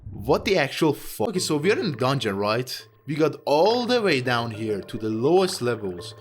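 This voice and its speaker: A man's voice: mid-range voice, big pitch swings, moderate pace. A young man giving casual game commentary in a rambling, sardonic way with jokey asides. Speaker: video game YouTuber.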